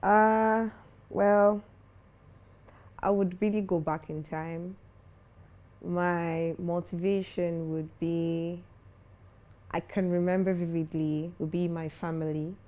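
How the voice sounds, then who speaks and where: A young adult woman who founded a foundation speaks as an interview guest, earnest and confident. Her fairly low voice moves slowly with frequent pauses, and she turns animated when telling stories.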